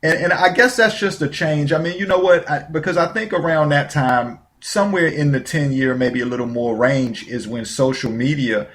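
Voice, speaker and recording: A man's voice: on the high side, normal speed, hardly any pauses, fairly bright tone. Chatty male talk-show host. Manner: chatty, laughs easily. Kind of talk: casual interview.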